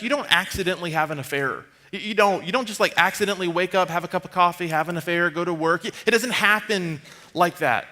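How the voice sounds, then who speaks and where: A man in his thirties preaches from a church stage with a high, bright, forward voice. He tells stories in a loose, conversational way. He turns hushed and low when things get serious. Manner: conversational, animated storytelling, drops to a hushed tone for serious moments. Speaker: pastor. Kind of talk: storytelling sermon.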